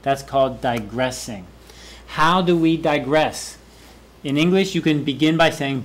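A man's voice: fairly high pitch, expressive, moderate pace. A man who is a university professor, giving a classroom lecture and repeating key phrases for students to echo.

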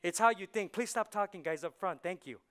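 Man, pastor, sermon, high voice, crisp clear tone, soft asides and loud punchlines. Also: animated, brisk. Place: church sanctuary.

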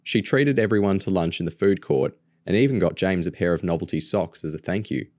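A man narrating a novel aloud in a steady, even reading voice. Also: low-pitched, a little fast, no echo, studio quality. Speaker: audiobook reader. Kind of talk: storybook narration.

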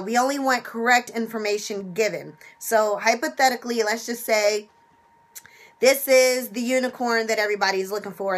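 A woman hosting a casual instructional talk, animated, who acts out little scenes while she explains. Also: mid-range voice. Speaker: penny shopping video host.

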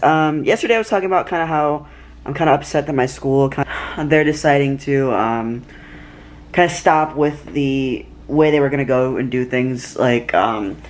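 A man's voice: mid-range voice, moderate pace. A tired young man vlogging casually at home at night, rambling with lots of fillers and restarts. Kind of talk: casual chat to camera.

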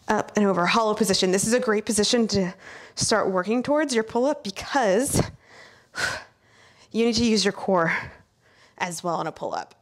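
A woman fitness coach leading a follow-along workout, out of breath as she exercises, giving upbeat cues and countdowns. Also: mid-range voice. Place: indoors, not outside.

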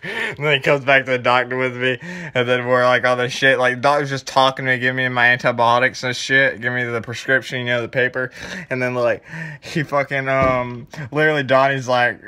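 Young man, casual profane storytelling, rambling, animated, bright sharp voice. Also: mid-range voice, brisk, smooth. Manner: rambling, animated, heavy swearing and filler. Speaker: vlogger telling stories.

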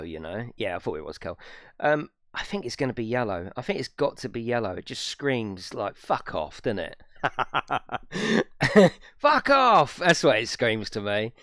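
A young British man, a gaming streamer, chats casually on a live stream, swearing freely and laughing often. His voice is mid-range, and the audio is studio quality with no room sound.

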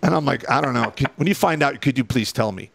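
A man, a military veteran, telling war stories in a casual, profane and animated way. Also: medium pitch, quick pace, vocal fry, dry recording.

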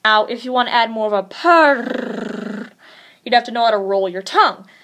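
Woman vlogger, kinda high voice, rambly and unsure, lots of um and like. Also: lively intonation, moderate pace, a bit bright. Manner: rambling and hesitant, with many fillers. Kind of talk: casual tutorial chat.

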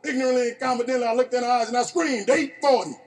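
A man in his fifties from New Orleans, with a New Orleans accent, giving an animated, playful storytelling speech to an audience. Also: very high voice, racing. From New Orleans, Louisiana. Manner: animated, playful, laughs at his own stories. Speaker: motivational speaker.

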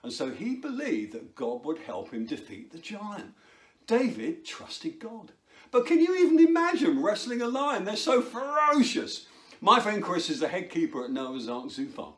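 A man presenting to children in a playful, excitable way, joking and laughing while he juggles. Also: fairly high pitch, normal speed. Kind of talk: energetic talk to children.

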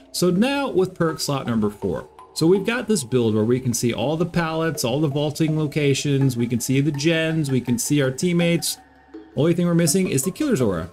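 Upbeat guy walking viewers through game builds, calls them guys, soft music in back. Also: fairly high pitch. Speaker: gaming YouTuber.

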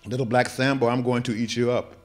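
A man voicing a boastful, hungry male jungle tiger from a children's story, read aloud with a slightly lower storybook growl. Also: level tone, fairly quick, lightly acted. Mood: menacing.

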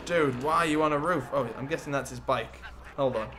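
A young man giving excitable, jokey gameplay commentary as a gaming YouTuber. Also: medium pitch, brisk. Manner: excitable, jokey, swears and laughs often.

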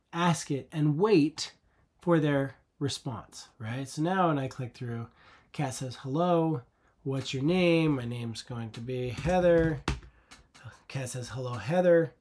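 A man's voice: medium pitch, a little mellow. A man teaching a coding lesson over a screen recording, patient and conversational, often asking the viewer rhetorical questions.

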